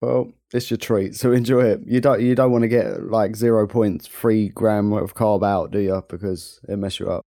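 A man's voice: fairly low pitch, fairly even intonation, normal speed, hardly any pauses, dark tone, dry recording, clean studio sound. A young man with a London accent co-hosting a podcast in laid-back, jokey banter. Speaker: podcast co-host. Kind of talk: casual banter.

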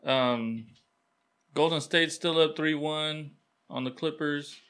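A man's voice: a little high, slow pace, a bit bright, smooth. A man co-hosting a casual sports chat, talking loosely with slang and restarts. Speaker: podcast co-host.

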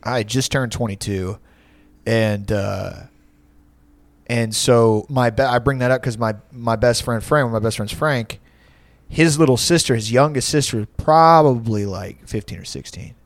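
A man's voice: mid-range voice, normal speed, no echo. A man in his late twenties telling a rambling, profane story in casual chat, often breaking into laughter.

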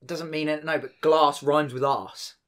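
An English man chatting casually as a co-host, his voice sitting a little high for a man. He swears freely and meanders through long explanations, half-admitting he might have the details wrong. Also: fairly even intonation, moderate pace, a bit bright. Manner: sweary, rambling storyteller. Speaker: podcast co-host. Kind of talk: casual chat.

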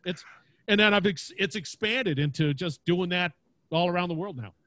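An energetic man with a big booming voice, chatting casually in a podcast interview and laughing often. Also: moderate pace, no room sound. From Louisiana, United States. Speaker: podcast host and guest. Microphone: podcast mic.

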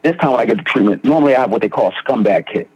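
A young man from Philadelphia recounts his path through recovery with earnest, slangy storytelling and frequent restarts. His voice is husky, and the dry, dull recording sounds lo-fi. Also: medium pitch, animated, very fast, darkish tone, no room sound. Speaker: guest in recovery. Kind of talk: personal testimony in conversation.

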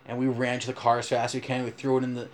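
A man telling a rambling, animated story in casual chat, full of "like". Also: medium pitch, racing, a little hiss or hum.

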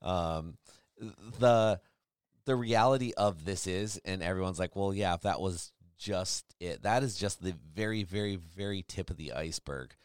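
A man's voice: sits low, normal speed, smooth, no room sound, studio quality. A man in his forties hosting a casual chat, rambling and acting out quotes as he tells stories. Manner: rambling, animated storyteller who acts out quotes. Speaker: podcast host.

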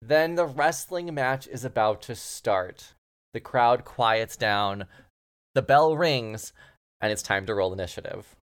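A man narrating as game master of a tabletop role-playing game, relaxed and joking as he explains the rules. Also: medium pitch, takes it slowly.

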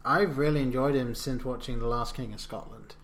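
A man's voice: medium pitch, fairly quick, a bit bright. A man, co-hosting a podcast and chatting casually about a film, rambling and correcting himself as he goes. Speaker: podcast co-host. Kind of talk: casual film review chat.

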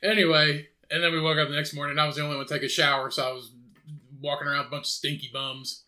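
A young man tells stories on a casual podcast, rambling and swearing freely as he goes. His voice is very bright and sits a little high for a man. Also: flat delivery, rapid-fire. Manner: rambling, profane storytelling with laughs. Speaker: podcast co-host. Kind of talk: casual chat.

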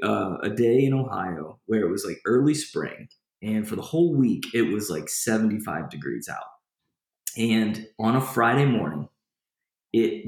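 A man with a lowish, vocal-fried voice is the guest in an informal interview, retelling a personal story in a lively way. He meanders and restarts sentences along the way, recorded in a room with noticeable echo.

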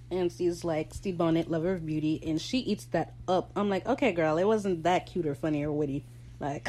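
A woman hosting a casual recap, excitable and gushing, swearing freely and switching into quick quoted voices. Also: on the low side, a little hiss or hum, rough recording. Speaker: podcast host recapping a TV episode.

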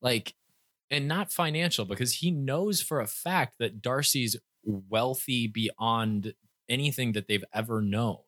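A young man co-hosting a casual book-discussion chat, enthusiastic and quick to laugh, with stumbling restarts. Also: mid-range voice, fairly bright tone, no echo, clean studio sound. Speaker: podcast co-host.

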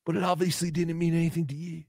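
A man voicing a needy, lonely adult man who pines for an old friend, speaking softly and pleading. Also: on the high side, little pitch movement, fast, creaky, dry recording, clean studio sound. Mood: mopey pleading. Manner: soft, mopey, pleading.

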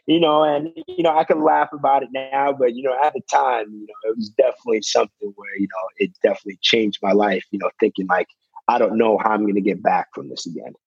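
In a fairly low, gravelly, slightly rough voice, a young basketball player speaks quickly during a relaxed interview, relying on "you know" and performing the quotes of people who spoke to him. There's no echo, and the highs are cut off.

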